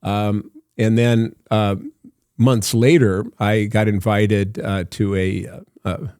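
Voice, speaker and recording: A man's voice: fairly low pitch, level tone, slow, darkish tone, clear, resonant tone, no echo, clean studio sound. An older man, an actor guest on a podcast, telling long anecdotes full of fillers and laughs. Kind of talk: storytelling in a podcast interview.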